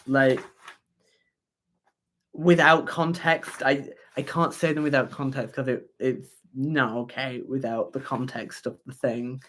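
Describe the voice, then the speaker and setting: A young adult hosting a casual livestream as a student union candidate, talking in a halting way with fillers and idle humming. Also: medium pitch, level tone. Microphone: webcam or phone on a livestream.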